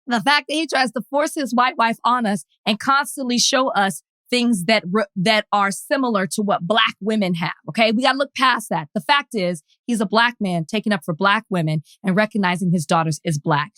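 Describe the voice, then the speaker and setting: A woman from the American South cohosts a casual podcast and argues her points firmly and emphatically. Her voice sits at a middle pitch. The recording is close and dry. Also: normal speed, few pauses, fairly bright tone, no room sound, low-quality recording. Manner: emphatic, opinionated, laughs often. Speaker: podcast co-host. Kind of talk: casual chat.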